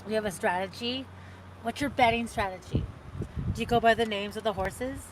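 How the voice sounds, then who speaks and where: A woman's voice: a little high, brisk, background noise. Chatty woman livestreaming outdoors. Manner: chatty, rambling, reading out viewer comments. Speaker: livestream host. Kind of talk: casual livestream chat with viewers.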